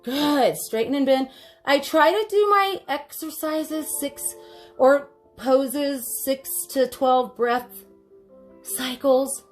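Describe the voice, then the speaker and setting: Woman yoga instructor, high voice, chatty cues, echoey room, soft music behind. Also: takes it slowly. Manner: encouraging, chatty, gives step-by-step cues. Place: home studio room.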